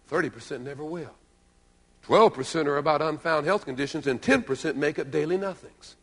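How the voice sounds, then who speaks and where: A man's voice: a little high, brisk. A man giving an emphatic, playful motivational keynote. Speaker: motivational speaker. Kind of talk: live keynote. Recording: reverberant hall.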